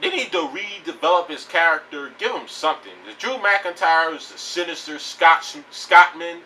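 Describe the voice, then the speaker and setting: A man rants bluntly and profanely about wrestling, his voice high-ish and bright, bouncing around in pitch. He rambles and restarts his sentences. He sits a bit back from the mic, with a faint hiss of noise behind him. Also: expressive, moderate pace, recorded from a distance, low-quality recording. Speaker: wrestling vlogger. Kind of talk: casual opinion rant.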